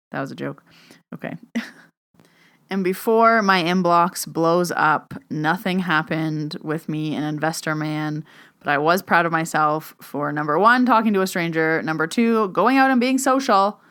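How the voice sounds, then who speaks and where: A young woman hosts her own podcast, chatting casually into a podcast microphone. Her voice sits a little low for a woman. She tells stories in a chatty way, says "like" a lot, and acts out both sides of every conversation. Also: unhurried, fairly bright tone, clean tone. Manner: chatty storyteller, acts out dialogue, says "like" often. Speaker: podcast host and medium. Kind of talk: casual solo podcast chat.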